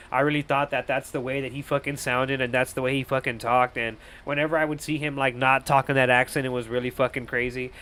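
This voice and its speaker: A man's voice: a little high, fairly bright tone, clean tone. A young man giving a casual, crude, rambling movie review on a live stream, often laughing at his own jokes.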